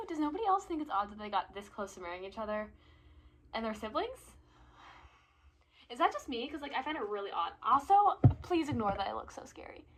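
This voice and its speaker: Teen girl, fairly high voice, dramatic and emotional, book vlog from home. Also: slight background noise, poor audio. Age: teens. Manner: emotional, dramatic reactions, sometimes hushed. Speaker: book vlogger. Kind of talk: casual reading vlog.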